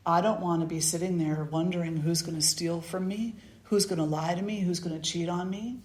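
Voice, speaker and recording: A woman spiritual teacher telling a parable and preaching in an earnest, measured manner. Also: lowish voice, steady tone, a little mellow. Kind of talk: storytelling sermon. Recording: roomy echo.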